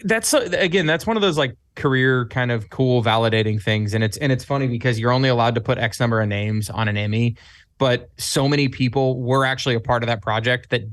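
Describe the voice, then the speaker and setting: In a dry recording, a man with a mid-range voice guests on a podcast. He works at a club and, in casual conversation, tells lively stories while voicing his own quotes.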